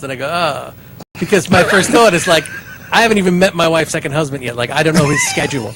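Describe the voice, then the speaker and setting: A man's voice: fairly high pitch, animated, quick pace, background noise. A man telling a long, self-deprecating comic story on a talk show with his co-hosts. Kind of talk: comedic storytelling.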